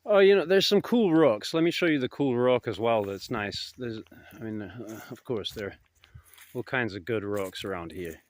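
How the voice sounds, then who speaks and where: A man telling stories in a casual vlog, rambling and hesitant, his voice trailing off softly at the ends of thoughts, recorded outdoors in woods. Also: mid-range voice, animated, normal speed. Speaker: vlogger. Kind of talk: casual anecdotal storytelling.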